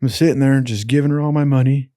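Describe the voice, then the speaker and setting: A man with a mid-range voice talks fast as he spins wild stories in a loose, rambling way. He's profane and animated, packing in slang like "dude" and plenty of asides. The recording is dry and studio quality.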